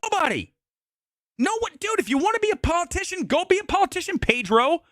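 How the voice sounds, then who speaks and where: A man's voice: very high-pitched, big pitch swings, quick pace, sharp tone, no room sound, clean studio sound. A man hosting a live movie-talk stream, ranting in a brash, profane, mocking way.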